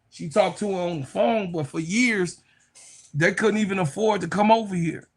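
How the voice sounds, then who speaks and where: A man hosts a casual sports live stream, answering chat in a gravelly, fairly high voice. He gets excitable and profane and laughs a lot as he talks. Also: moderate pace.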